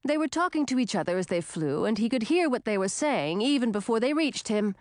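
A woman's voice: fairly high pitch, big pitch swings, brisk, a little mellow, dry recording, studio quality. Woman narrating a storybook. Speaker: audiobook narrator.

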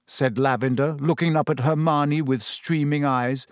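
An audiobook narrator reading a story, expressive and fond of doing character voices. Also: medium pitch, measured pace, dry recording, clean studio sound. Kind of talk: scripted narration.

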